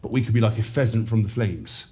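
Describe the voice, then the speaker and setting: A man's voice: fairly low pitch, fast talker, very noisy, pitched below the performer's own voice, close to an everyday voice. A man putting on the voice of an earnest, blunt rugby forward, giving a rallying speech.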